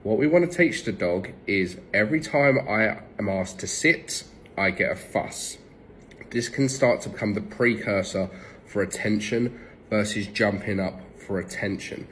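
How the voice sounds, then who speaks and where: A man's voice: fairly low pitch, measured pace, fairly bright tone, slight background noise, low-quality recording. A man with an English accent, a dog trainer giving blunt, direct tips and swearing casually. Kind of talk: instructional tips to camera. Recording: music playing behind.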